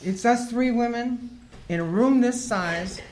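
A woman's voice: a little high, a little slow, a little mellow. Wry, laughing woman telling her story. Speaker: speaker sharing her recovery story. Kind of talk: humorous personal storytelling.

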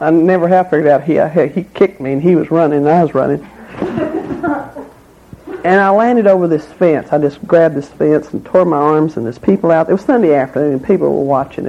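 A middle-aged woman giving an earnest, halting personal testimony at a recovery meeting. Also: deep voice, a little hiss or hum. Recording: slightly muffled recording.

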